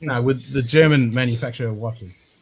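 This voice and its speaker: An Australian man hosting a whisky livestream, talking fast with slurred, sweary banter. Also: medium pitch, darkish tone, slightly rough, rough recording. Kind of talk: casual livestream chat.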